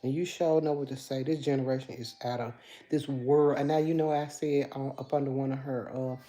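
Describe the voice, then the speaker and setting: A woman in her fifties with a Memphis accent hosts a livestream, chatting casually, reading viewer comments aloud and calling her audience y'all. Her voice is very deep and warm, brisk, with fairly even intonation.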